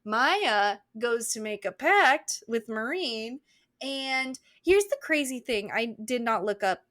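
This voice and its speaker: A woman's voice: a little high, lively intonation, slow, a bit bright, no room sound, studio quality. Chatty woman co-hosting a book podcast. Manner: chatty, rambling, swears and laughs. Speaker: podcast co-host. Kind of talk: casual book-recap chat.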